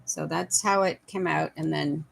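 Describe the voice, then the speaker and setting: A woman's voice: low-pitched, steady tone, measured pace, creaky. A Canadian woman casually chatting with viewers on a livestream at home, laughing and fussing over her dog. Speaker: livestream host.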